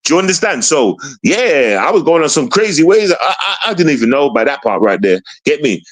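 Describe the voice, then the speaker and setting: A man talks in a slightly higher register than most men. His delivery is emphatic and full of street slang. He keeps circling back to ask if you follow him. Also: sing-song, brisk. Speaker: guest telling his story. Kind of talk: casual storytelling.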